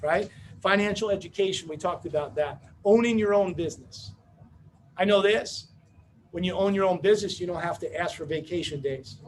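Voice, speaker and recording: High-voiced brash motivational speaker man. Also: a little hiss or hum. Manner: brash, joking, rapid-fire storytelling. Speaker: business opportunity speaker. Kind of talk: motivational seminar talk.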